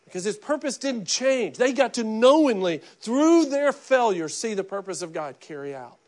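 A middle-aged man preaching with a high, light voice. He talks in a loose, conversational style, restarting phrases and dropping into little acted quotes as he goes. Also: big pitch swings, moderate pace. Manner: repeats words and restarts often. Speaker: pastor. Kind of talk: sermon.

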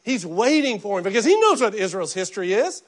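Man, pastor, middle-aged, high voice, animated sermon, conversational, repeats and restarts words. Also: a little fast. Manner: animated, conversational preaching with quoted asides.

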